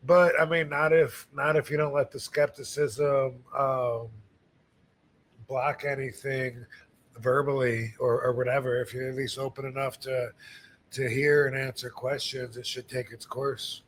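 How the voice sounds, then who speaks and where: A man's voice: medium pitch, a little slow, slight background noise. Laid-back man telling rambling stories. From USA, Michigan. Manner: relaxed, rambling storytelling with many fillers. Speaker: podcast host, wrestler. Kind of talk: casual chat.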